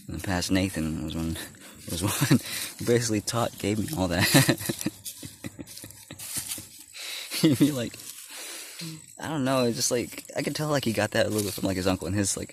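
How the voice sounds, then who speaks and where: A man in a casual vlog, rambling with many fillers, laughing often and drifting between loud and murmured talk. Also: on the low side. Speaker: vlogger. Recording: background noise.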